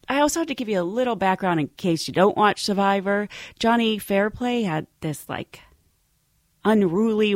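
A woman's voice: medium pitch, no room sound. Woman telling a funny story, lots of laughing, swoopy voice, super dry close sound. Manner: animated, laughs often, acts out quoted voices. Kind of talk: casual storytelling.

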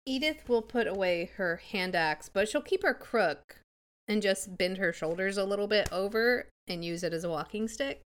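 A woman's voice: mid-range voice, expressive, moderate pace. A woman playing in a tabletop game, nervous and self-doubting. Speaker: player. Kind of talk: casual tabletop role-play.

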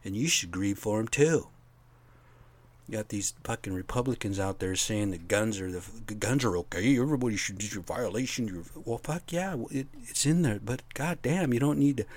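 A man's voice: on the low side, brisk, darkish tone. A man from Washington state ranting on his solo podcast into his own mic, rambling and swearing constantly.

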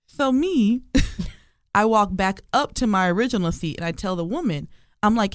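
Animated young woman telling a story. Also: moderate pace, dry recording, studio quality. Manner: animated storyteller, acts out quotes with big pitch jumps. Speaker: podcast co-host telling a story. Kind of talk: casual group chat.

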